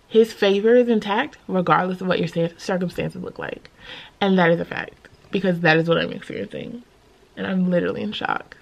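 A woman vlogging casually, telling a personal story in a chatty, expressive, faith-filled way. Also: mid-range voice.

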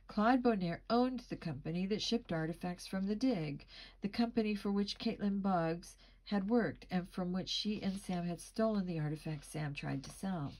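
A woman reading a mystery novel aloud in a steady first-person narration, with occasional slips and restarts. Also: medium pitch, normal speed, rough recording. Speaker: audiobook reader. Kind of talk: storybook narration.

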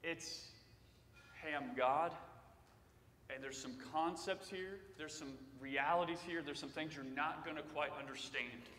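A man preaching a sermon in a church, talking conversationally and swelling loud when he voices quoted cries. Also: on the high side, unhurried, distant mic, a little hiss or hum. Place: church sanctuary. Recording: echoey church hall.

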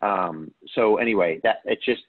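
Male host, husky mid-pitched voice, thinks aloud with many restarts, heard over a phone line. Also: moderate pace. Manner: rambling, hesitant, many restarts. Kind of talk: casual faith talk.

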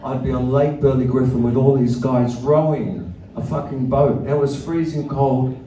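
A musician telling loose, profane, self-mocking stories to a live theatre audience. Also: male voice, medium pitch, normal speed, mellow, lo-fi sound. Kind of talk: rambling stage banter between songs. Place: theatre stage. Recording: live theatre recording, roomy and distant.

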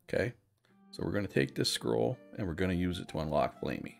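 A man's voice: low voice, lively intonation, a little fast, vocal fry, faint music behind. A man casually walking through a video game guide, chatty and thinking aloud as he plays. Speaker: gaming guide host. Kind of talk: casual game walkthrough narration.

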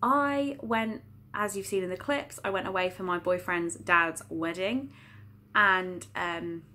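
A woman's voice: lowish voice, slow pace, pushed and bright. A young woman talking casually to camera as a book vlogger, chatty and self-deprecating, often rambling. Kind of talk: casual vlog chat.

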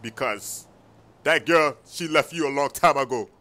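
A man's voice: medium pitch, unhurried, sharp tone. A man voicing a persuasive male gang recruiter in a game story video, pleading earnestly. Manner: calls everyone "my brother", earnest pleading.

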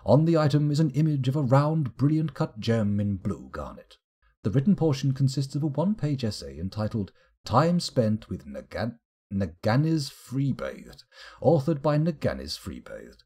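A British man streaming a game live, reading in-game text aloud slowly and adding dry, sarcastic asides. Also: medium pitch, big pitch swings, warm tone, breathy edge. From United Kingdom.

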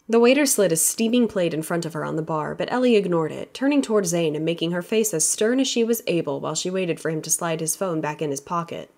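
A woman narrating a romance audiobook with steady, even storytelling. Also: lowish voice, quick pace, vocal fry, few pauses. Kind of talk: scripted narration.

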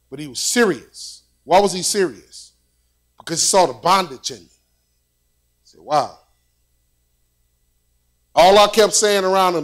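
High-voiced man preaching conversationally. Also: lively intonation, slow, long pauses, a bit bright. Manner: conversational preaching with repetitions and storytelling. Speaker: pastor. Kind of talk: sermon.

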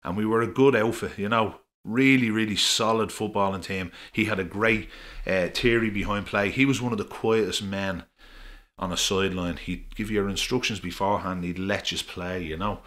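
A man's voice: on the low side, fairly even intonation, normal speed, fairly bright tone. A middle-aged Irish man telling rambling, chatty anecdotes as a podcast guest, with frequent fillers. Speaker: podcast guest, former referee. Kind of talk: casual storytelling.

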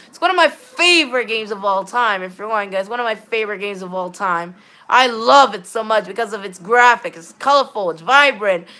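A woman streaming live gameplay who rambles, reads viewer chat aloud and greets viewers, with sudden excited bursts and a habit of repeating "all right then". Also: a little high. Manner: sudden excited bursts when directing players. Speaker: game streamer.

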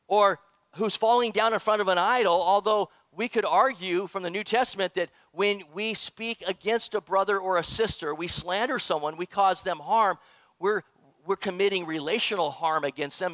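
A middle-aged man, a pastor, preaching in a church, animated and joking with the congregation. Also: high-pitched, no echo. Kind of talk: sermon. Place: church sanctuary.

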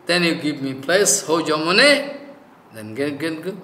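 A man giving a devotional scripture discourse as a spiritual teacher, in halting informal English full of "you know" and emphatic repetition. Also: fairly high pitch, expressive, pushed and bright, roomy sound. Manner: emphatic, repeats key phrases.

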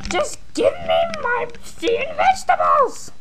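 A woman voicing a stubborn, whiny male grocery shopper who keeps yelling and insisting in a homemade comedy skit. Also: very high voice, wildly swooping pitch, slow, a little hiss or hum, full character voice, low-quality recording. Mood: insistent, whiny.

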